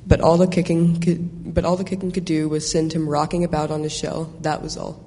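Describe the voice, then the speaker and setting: Male storybook reader, warm and even, slightly high-pitched, in a reverberant hall. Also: a little fast, a little hiss or hum. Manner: steady, with occasional repeats. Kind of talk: storybook reading.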